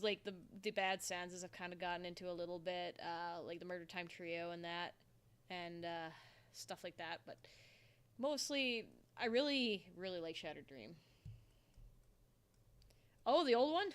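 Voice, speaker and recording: A woman's voice: medium pitch, a bit bright, clear, resonant tone. Chatty young woman live-streaming. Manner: rambling, talks to herself while working, answers chat. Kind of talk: casual live-stream chat. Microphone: desktop microphone.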